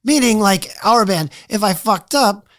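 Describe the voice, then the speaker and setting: A man telling stories as a podcast guest in casual talk, animated and quick to act out other people's lines, swearing freely. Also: high voice, no echo, clean studio sound. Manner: animated storyteller who acts out quoted dialogue. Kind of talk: casual storytelling interview.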